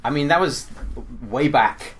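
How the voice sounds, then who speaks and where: A man, a podcast guest, telling his story in a relaxed casual chat with dry, teasing humour. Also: on the high side, unhurried. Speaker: podcast guest, visual effects supervisor. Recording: faint background noise.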